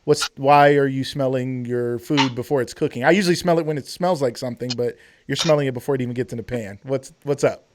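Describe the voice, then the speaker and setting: A man's voice: medium pitch, fast talker, a little hiss or hum. A man hosting a live cooking stream, joking, teasing and quizzing his chef guest. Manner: playful, joking, excitable. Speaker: host.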